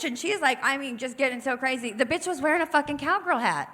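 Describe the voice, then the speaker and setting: A young woman tells a raunchy stand-up story from a comedy club stage. Her voice is bright and forceful, pitched a little high, and she swears freely while acting out the people in the tale. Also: a little fast, hardly any pauses. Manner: brash, profane, acts out voices in the story.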